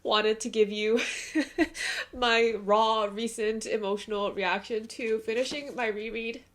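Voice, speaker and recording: A woman's voice: a little high, steady tone, measured pace. A young woman vlogging about books, gushing and emotional, laughing often as she talks. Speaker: book vlogger. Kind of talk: casual reading vlog with read-aloud passages.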